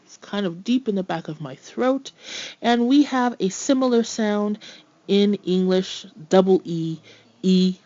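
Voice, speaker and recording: A woman teaching pronunciation, speaking clearly and slowing down to model each sound. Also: mid-range voice, warm tone, no room sound, muffled recording. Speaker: French teacher. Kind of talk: scripted pronunciation lesson.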